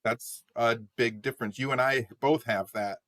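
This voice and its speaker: A man's voice: mid-range voice, steady tone, moderate pace, a bit bright. Laid-back man co-hosting a podcast. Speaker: podcast co-host. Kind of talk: casual chat.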